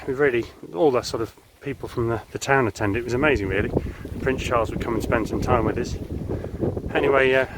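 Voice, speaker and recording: A man telling jokes in a rambling, deadpan way, outdoors in the countryside. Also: medium pitch, noisy background. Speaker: joke teller. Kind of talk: casual joke telling.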